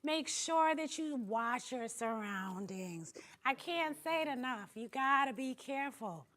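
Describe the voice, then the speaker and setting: A woman's voice: high voice, animated, a little slow, a bit bright. A woman co-hosting a casual talk show, emphatic and repeating her points with frequent laughter. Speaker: co-host.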